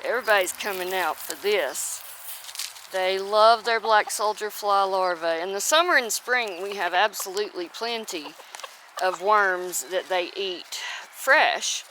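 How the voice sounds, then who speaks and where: A woman who vlogs about her homestead does her chores outdoors by the chicken and rabbit pens, talking casually and often stopping to coo at the chickens by name. She has a mid-range voice with a bright, forceful tone and an unhurried delivery. A little hiss or hum sits under the audio.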